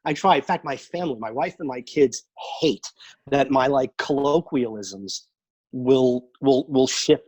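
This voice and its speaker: A man from New York City with a New York accent, a guest in a casual video interview, friendly and self-deprecating with quick asides. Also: mid-range voice, darkish tone, slightly rough, dry recording, muffled recording.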